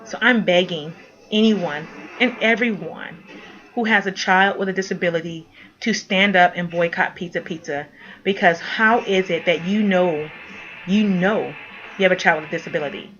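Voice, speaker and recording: A woman's voice: fairly low pitch, fairly bright tone. Indignant woman pleading in a dull lo-fi recording. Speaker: mother speaking out. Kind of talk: impassioned direct-to-camera appeal.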